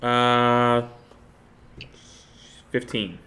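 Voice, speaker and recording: A man's voice: mid-range voice, level tone, extremely slow, noisy background. A man playing a tabletop game, describing his moves casually and a bit apologetically. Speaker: player.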